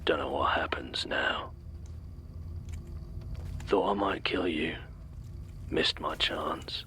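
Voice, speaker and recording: An actor playing a menacing male deliveryman creature in an audio drama, whispering clipped, flat threats. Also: a bass voice, slow pace, a little hiss or hum, heavily acted. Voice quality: whispery, gravelly.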